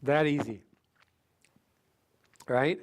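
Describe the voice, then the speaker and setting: A man's voice: mid-range voice, very slow. A man leading a sales training seminar. He keeps asking the audience questions and acts out other people's voices to show his points.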